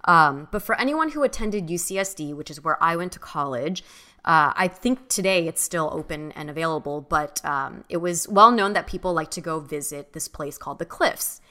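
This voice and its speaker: A young woman with a bright, forward voice that sits slightly low for a woman. She tells a personal story in loose, animated conversation, full of "like" and "um" as she goes. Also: normal speed. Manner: animated storyteller, many fillers. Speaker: podcast co-host. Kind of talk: casual storytelling chat.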